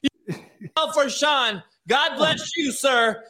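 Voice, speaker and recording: A man in casual chat ranting loudly about football drills, laughing hard and swearing. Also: very high voice, takes it slowly. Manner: loud, laughing, profane ranting.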